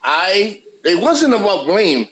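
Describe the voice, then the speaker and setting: A man casually telling a rambling, animated travel story on his vlog, swearing freely. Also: sits high, slow, low-quality recording. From USA.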